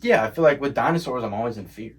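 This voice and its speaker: A man's voice: mid-range voice, expressive, fast. A man co-hosting a podcast, talking in a laid-back, casual way and laughing often. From England. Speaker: podcast co-host. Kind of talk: casual chat.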